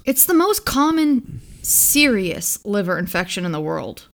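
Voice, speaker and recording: A woman co-hosting a podcast in casual chat, sarcastic and quick to laugh. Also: mid-range voice, big pitch swings, gravelly. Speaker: podcast co-host.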